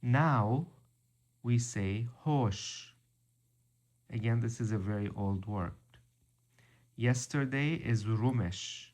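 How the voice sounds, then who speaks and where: A man teaching a vocabulary lesson, slow and methodical, repeating each word. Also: mid-range voice, darkish tone. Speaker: language teacher.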